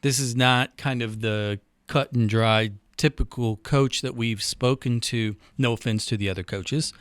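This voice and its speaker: A man's voice: mid-range voice, fairly even intonation, measured pace, clean tone, no echo. A man hosting a podcast, asking long, winding questions with some restarts. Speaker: podcast host. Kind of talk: interviewing on a podcast.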